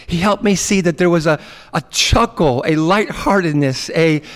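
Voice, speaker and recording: Man, pastor, high voice, casual animated sermon, long hall reverb. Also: normal speed.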